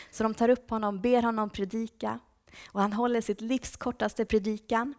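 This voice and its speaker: A woman's voice: fairly high pitch, little pitch movement, brisk. A woman giving a conversational talk at a church service, sometimes dropping to a whisper.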